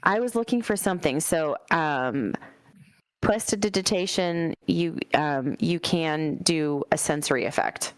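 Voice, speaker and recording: A woman's voice: sits low, measured pace, clear, resonant tone, no echo. A woman playing a tabletop game, talking hesitantly with many fillers. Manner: hesitant, filler-heavy, laughing easily. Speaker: player. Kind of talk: casual tabletop game play.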